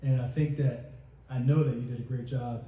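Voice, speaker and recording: A man's voice: medium pitch, level tone, normal speed, warm tone. A man in his forties, a retiring Marine master gunnery sergeant, gives a humorous ceremony speech and acts out his own past remarks. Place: hotel ballroom. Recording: echoey ballroom from far off.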